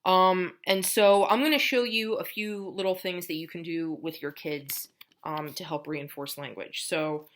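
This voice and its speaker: A woman's voice: on the low side, fairly even intonation, measured pace, a bit bright, a little hiss or hum. A woman speech teacher explaining patiently to parents, step by step, how to build a child's language at home. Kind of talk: instructional lesson for parents.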